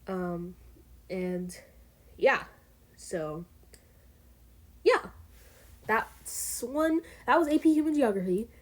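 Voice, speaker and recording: A teenage girl casually telling a rambling story in a vlog, using lots of fillers and asides. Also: on the high side. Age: teens. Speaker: vlogger.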